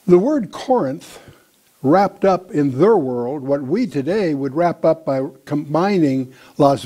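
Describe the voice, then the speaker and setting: Mellow-voiced man teaching a Bible study. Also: a little high. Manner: measured, deliberate teaching with frequent "uh" pauses.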